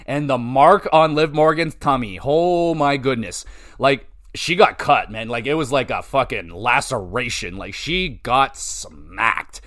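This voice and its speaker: A man hosting a podcast, giving a casual solo wrestling review, profane, rambling and excitable. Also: mid-range voice, unhurried. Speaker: podcast host.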